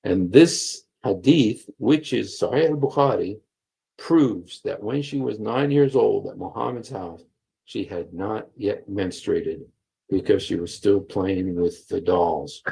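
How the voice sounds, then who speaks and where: A man hosts a livestream, reading texts and breaking off to press his points through emphatic repetition and many fillers. His voice is low, husky, and warm, and his pace is slow. He uses a computer mic, and the recording is low quality.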